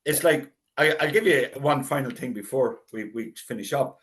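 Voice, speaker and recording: A middle-aged Irish man spins stories at an easy, chatty pace. His pitch sits in the middle, and he drops into little voices to act out what people said. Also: normal speed, fairly bright tone. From Ireland. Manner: chatty anecdotal storyteller, acts out quoted voices. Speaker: guest, local historian. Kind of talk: casual storytelling interview.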